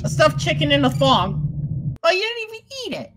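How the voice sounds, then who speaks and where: A man voicing a bubbly, cheerful anime schoolgirl in a comedic voiced let's play, squealing and bantering excitably. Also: extremely high pitch, moderate pace, noisy background, full character voice. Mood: teasing. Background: loud game music.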